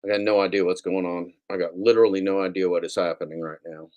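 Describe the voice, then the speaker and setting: A man's voice: deep voice, flat delivery, fast, darkish tone, lo-fi sound. A man hosting his own livestream, rambling casually with frequent swearing and self-mocking repeats. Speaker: livestream host. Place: home setup with computer.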